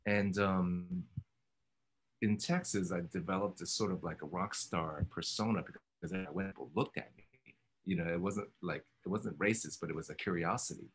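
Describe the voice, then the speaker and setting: A man's voice: deep voice, moderate pace, slightly rough. A man in his fifties from Oakland, California, recalling his past in a reflective oral history interview, with many ums and restarts. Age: 50s. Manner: thoughtful, rambling, many ums and self-corrections.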